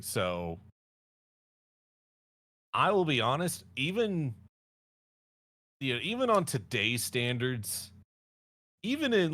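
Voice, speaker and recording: A low-voiced man chatting casually as a stream co-host. He rambles and jokes, stopping often to correct himself. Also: a bit bright. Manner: rambling, jokey, self-correcting storyteller. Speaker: podcast co-host. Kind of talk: casual chat.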